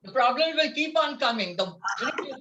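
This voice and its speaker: A woman's voice: sits high, expressive, fairly quick, dull audio, noisy background. A woman leading a laughter yoga class over a video call, upbeat and coaxing, laughing often as she talks.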